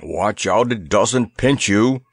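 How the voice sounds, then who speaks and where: A man voicing a haughty male elephant who grumbles morosely and sarcastically in a slow, low voice. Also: animated, slightly rough, no echo, heavily acted. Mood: grumbling.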